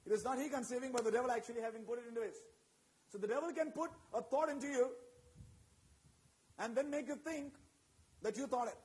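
A man's voice: very high voice, animated, brisk, long pauses, darkish tone, rough recording. A man preaching a sermon with emphatic, repetitive phrasing and call-and-response asides to his congregation.

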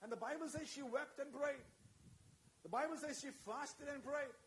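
High-voiced man preaching fervently. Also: moderate pace, a bit bright, a little hiss or hum. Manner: fervent, punctuates phrases with amen and hallelujah; asks the congregation questions. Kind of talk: sermon.

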